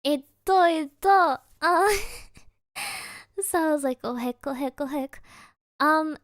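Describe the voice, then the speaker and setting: A young woman streamer from Germany with a high voice tells a story in an easy, unhurried way. She giggles through her sentences and drops little Japanese interjections. Her voice sounds close and dry, with no room around it. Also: dry recording. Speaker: VTuber streamer. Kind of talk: casual storytelling chat.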